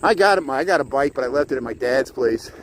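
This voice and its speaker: A man's voice: medium pitch, expressive, quick pace, low-quality recording. A man live-streaming while he rides a bike outdoors by a lake, chatting to viewers by name and slightly out of breath. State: out of breath from cycling. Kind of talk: live-streamed city tour. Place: outdoors by a lakefront, riding a bike. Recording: outdoor wind noise on the mic. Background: wind noise.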